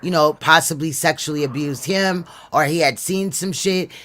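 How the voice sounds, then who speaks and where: A man's voice: on the high side, normal speed, fairly bright tone. A man hosting a livestream panel, talking loosely and laughing as he tells stories in slangy casual chat.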